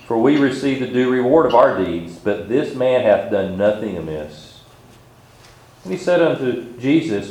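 A man preaching a sermon, reading scripture aloud slowly and measuredly between his own remarks. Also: lowish voice, animated, a little mellow. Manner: reads scripture aloud in old-style wording, slow and measured. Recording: echoey room.

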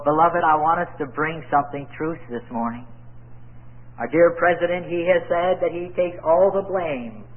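A man preaching a fervent sermon, slow and emphatic, often calling the listeners "beloved". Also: fairly high pitch. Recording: tinny phone-like old sermon tape.

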